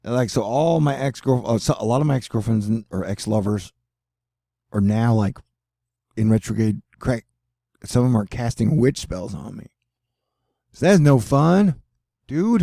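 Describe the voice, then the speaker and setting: His mid-range voice carries vocal fry and a warm tone, recorded in studio quality with no room sound. A middle-aged American, he presents a casual weather vlog with rambling, jokey commentary full of filler words.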